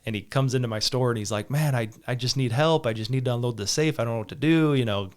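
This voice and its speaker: A man's voice: mid-range voice, quick pace. A man hosting a casual podcast, telling rambling stories and laughing often between them. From Southern Utah. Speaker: podcast host. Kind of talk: casual chat.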